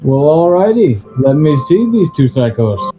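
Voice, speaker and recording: A man playing in a tabletop game, halting and stammering as he talks. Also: a little high, sing-song, mellow, soft background music, poor audio. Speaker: player.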